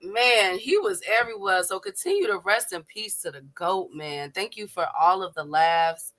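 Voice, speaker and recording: A woman's voice: mid-range voice, animated, normal speed, fairly bright tone. A woman hosting a casual boxing live stream, chatty, laughing easily and greeting viewers by name. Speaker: host.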